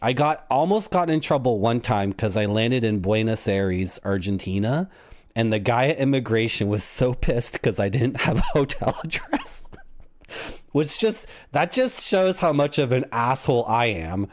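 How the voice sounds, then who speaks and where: A man's voice: mid-range voice, very animated, moderate pace. A man from Canada, chatting casually and jokingly to viewers while streaming games. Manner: jokey, rambling, puts on silly voices. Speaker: game streamer. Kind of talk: casual livestream chat.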